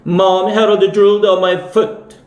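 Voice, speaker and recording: A man's voice: sits high, little pitch movement, a little slow, a little mellow, roomy sound, distant mic, pitched above the performer's own voice. A man reading aloud from a children's book, voicing a whiny, sarcastic older boy.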